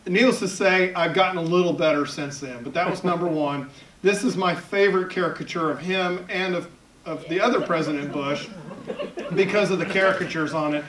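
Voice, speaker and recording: A man's voice: sits high, a little fast, fairly bright tone, a little hiss or hum. Southern man talking in an echoey hall. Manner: chatty, self-deprecating humor. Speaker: editorial cartoonist giving a talk. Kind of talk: public talk to an audience. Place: event hall at a library. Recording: echoey hall, picked up from far off.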